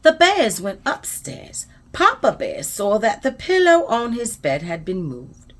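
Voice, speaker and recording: Slow, expressive woman storyteller. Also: mid-range voice. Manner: expressive, soothing, trailing into soft whispers at the close. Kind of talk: bedtime story read-aloud.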